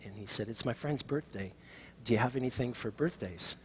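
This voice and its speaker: Middle-aged male pastor, church sermon, storytelling that swings from booming to hushed, average pitch, faint hiss behind. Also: a little fast. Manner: storytelling, swings from loud proclaiming to soft near-whispers. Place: church sanctuary.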